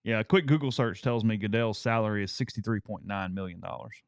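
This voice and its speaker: A man co-hosting a casual sports talk show, conversational, with halting restarts. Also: lowish voice, smooth, no echo, clean studio sound. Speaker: co-host.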